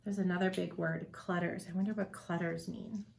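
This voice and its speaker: A woman teacher reading a picture book aloud to children, expressive and asking them questions. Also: on the low side, normal speed, gravelly, slight background noise.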